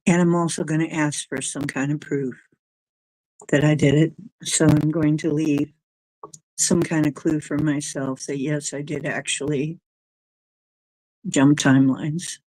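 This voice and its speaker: A woman with a low voice hosts a relaxed livestream, drifting loosely between thoughts and picking up viewers' comments as she goes. She takes her time over every phrase. The sound is close and dry, with no room echo. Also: measured pace, long pauses. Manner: rambling, drifting, reacting to chat comments. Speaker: livestream host reading chat. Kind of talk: casual livestream chat.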